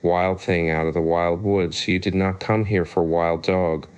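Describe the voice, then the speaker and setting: A man voicing a proud, clever woman of the cave in a storybook reading, calm and measured. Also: deep voice, smooth.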